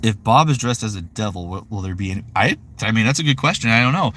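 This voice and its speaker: A man's voice: lowish voice, lively intonation, fast talker, a bit bright, a little hiss or hum. A man in his thirties chatting casually on a live stream, rambling with lots of fillers. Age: 30s. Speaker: voice actor streaming.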